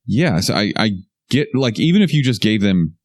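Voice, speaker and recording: A man's voice: fairly low pitch, big pitch swings, normal speed. A young man co-hosting a podcast in casual chat, joking wryly with a dry, sarcastic edge. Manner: wry, joking, a little sarcastic. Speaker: podcast co-host.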